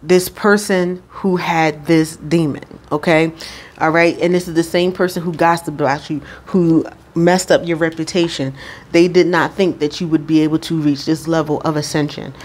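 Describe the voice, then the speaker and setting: Low-voiced woman giving a spiritual reading. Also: steady tone, darkish tone. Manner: unhurried, frequent "all right?" check-ins; addresses the Holy Spirit aloud. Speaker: spiritual card reader. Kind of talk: intuitive reading monologue.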